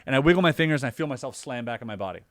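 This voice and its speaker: Animated man telling a story, dry sound. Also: medium pitch, racing, no room sound. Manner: animated, acts out his own reactions, many fillers. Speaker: podcast guest or co-host. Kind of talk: casual storytelling conversation.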